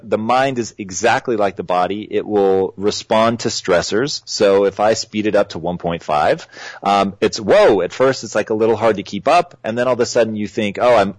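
A man with a lowish voice talks through his ideas in a relaxed interview, building each point with examples. The recording is dry and close, with no room sound. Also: no room sound, poor audio. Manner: reflective, explains with examples. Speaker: guest. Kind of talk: casual interview talk.

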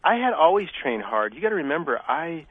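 A man's voice: fairly high pitch, sing-song, a little fast, breathy edge, dry recording. A middle-aged former athlete, a guest telling stories in a casual interview and acting out the exchanges he quotes. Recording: dry, phone-like narrow sound.

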